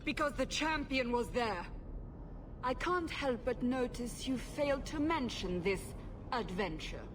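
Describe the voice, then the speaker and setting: Stern fantasy interrogator. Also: female voice, animated, a little slow. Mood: probing. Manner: pointed, probing. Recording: game audio with rumble noise.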